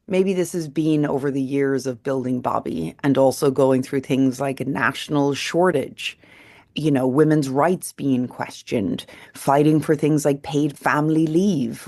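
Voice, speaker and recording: An Irish woman in her thirties, a company founder answering interview questions as an earnest storyteller with many restarts. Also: low voice. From Ireland.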